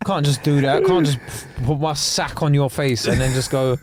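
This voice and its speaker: A man's voice: on the high side, moderate pace, a little hiss or hum. A young man, co-hosting a podcast with crude, joking banter. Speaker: podcast co-host. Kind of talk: casual chat.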